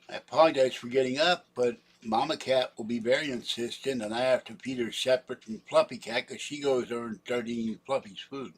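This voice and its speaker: A man's voice: medium pitch, brisk, hardly any pauses, husky. Rambling older man livestreaming from home. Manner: wandering, self-mocking, chatting to his cats. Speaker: livestream host. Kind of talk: rambling casual livestream chat. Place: home room with his computer.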